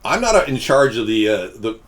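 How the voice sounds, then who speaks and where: A man's voice: medium pitch, very animated, a little fast. A man hosting a casual live stream, rambling and answering chat comments with frequent restarts.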